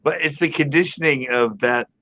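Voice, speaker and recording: A man hosting a live online panel, rambling casually as he thinks out loud and chuckling often. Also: a little high, normal speed. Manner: rambling, talks through his thoughts, chuckles often. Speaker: host of a live panel stream. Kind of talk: casual chat. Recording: muffled audio with faint background noise.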